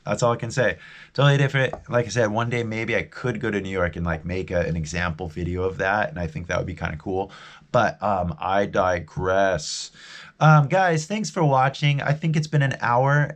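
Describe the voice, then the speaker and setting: Talking in a relaxed way to his live-stream audience, this English teacher speaks with a Californian American accent and a voice on the low side. His talk wanders, frequently starts over mid-sentence, and ends on a friendly goodbye.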